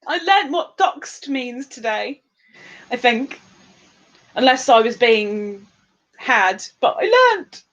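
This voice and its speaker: A woman's voice: on the high side, sing-song, slow pace, long pauses, a bit bright, highs cut off. A woman with a sore throat, chatting casually and self-mockingly on a livestream as she reads out viewer comments. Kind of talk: casual chat.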